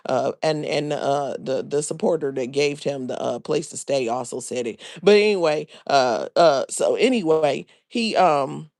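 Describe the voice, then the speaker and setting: A woman's voice: low-pitched, unhurried, few pauses, a little mellow, no room sound, clean studio sound. A woman hosting a live reaction stream, talking bluntly and sassily in slang. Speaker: livestream reaction host. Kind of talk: casual live reaction commentary.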